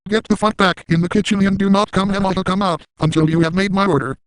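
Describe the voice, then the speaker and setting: A man's voice: sits high, steady tone, fast talker, smooth, no echo, natural voice, low-quality recording. A man voicing a crude, manic cartoon dad in an absurd parody monologue, ranting and making repeated sound-effect noises.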